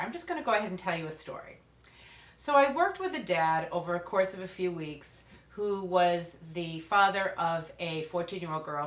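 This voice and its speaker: A woman parenting expert tells lively anecdotes in a storytelling talk. Her voice sits fairly low but sounds bright and forceful. The room around her is echoey.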